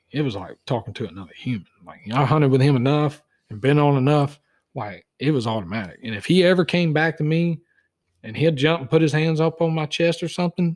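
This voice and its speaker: A man's voice: mid-range voice, a little mellow. A man, a guest deer tracker telling a folksy story and acting out both sides of phone calls. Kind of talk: casual storytelling.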